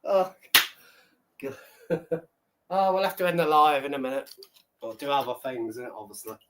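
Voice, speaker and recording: A man's voice: mid-range voice, lively intonation, normal speed, fairly bright tone. A man hosting a live stream, telling a rambling story in casual chat, swearing freely and laughing often. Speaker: livestream host.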